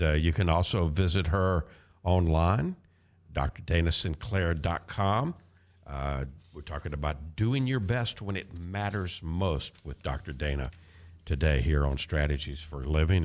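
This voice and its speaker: A man with a Southern accent hosting a radio talk show, chatty and quick to laugh, often stumbling over his words. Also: low-pitched. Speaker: radio host.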